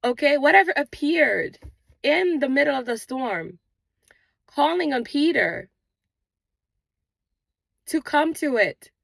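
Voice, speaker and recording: High-pitched, expressive, and creaky, this woman speaks slowly with long pauses and a somewhat bright tone, with no echo. She hosts a manifestation channel, preaching earnest spiritual motivation repetitively while walking outdoors, and mentions her non-native English accent, origin unspecified.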